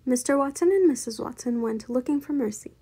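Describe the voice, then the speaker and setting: A woman reads a children's storybook aloud with a gravelly, slightly husky voice. Her tone is mellow and dark, and she tells the story in a steady, gentle way. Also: sits high, a little fast. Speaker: storybook reader. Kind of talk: children's book read-aloud.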